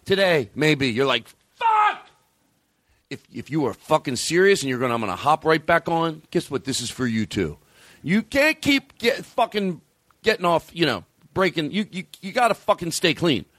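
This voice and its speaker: A man hosting a podcast in casual chat, profane and animated, sometimes bursting into shouting. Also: fairly high pitch, moderate pace, dry recording. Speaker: podcast host.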